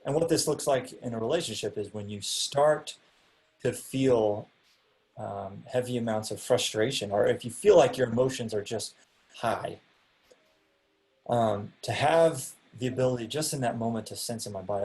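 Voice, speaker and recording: A man's voice: medium pitch, normal speed, a little mellow. A young man teaching a class over a video call, speaking casually with many ums and restarts.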